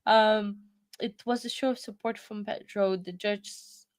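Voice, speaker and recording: A woman's voice: mid-range voice, steady tone, unhurried, no echo, clean studio sound. A woman hosting a casual livestream, talking in a chatty, rambling way with lots of restarts, sleepy and yawning. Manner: rambling, self-interrupting, chatty. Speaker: livestream host. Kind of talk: casual live chat.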